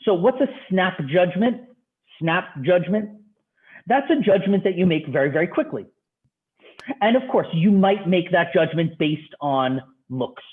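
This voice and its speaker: A man's voice: sits high, lively intonation, measured pace. Chatty male lecturer on a tinny line. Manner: conversational, fires off rhetorical questions. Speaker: university instructor. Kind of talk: online class lecture. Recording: tinny phone-like audio.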